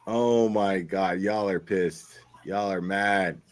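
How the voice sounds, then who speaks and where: A man's voice: low-pitched, takes it slowly. A man streaming live, mocking and swearing as he goes over comments. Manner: mocking and profane.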